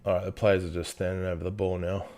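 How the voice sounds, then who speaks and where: A man's voice: sits low, little pitch movement, fast talker, a little mellow. A young man hosting a football watchalong, chatting casually and passionately with frequent swearing. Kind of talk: casual live match commentary.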